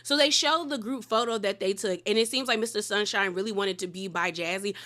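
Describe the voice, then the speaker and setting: Woman, reality TV recap, chatty, animated, gossipy asides, bright voice. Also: medium pitch, fairly quick. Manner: chatty, animated retelling with quoted voices and laughs; uses "girl" and "okay?" asides. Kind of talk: casual reality show recap.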